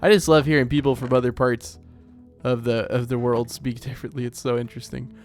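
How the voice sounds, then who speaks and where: A man's voice: medium pitch, little pitch movement, a little fast, faint music behind. A young man from Oklahoma with an Oklahoman accent, hosting a casual gameplay let's play in a chatty, self-deprecating, rambling way. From Oklahoma, United States.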